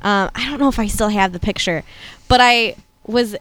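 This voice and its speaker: A woman's voice: mid-range voice, normal speed, fairly bright tone, dry recording. A woman co-hosting a radio talk show, chatty and full of jokes. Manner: joking and chatty. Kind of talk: casual chat.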